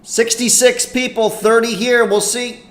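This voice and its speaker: A man hosting a live stream in casual commentary, chatty and excitable as he reacts to a game. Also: very high voice, measured pace. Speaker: livestream host. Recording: echoey room with faint noise.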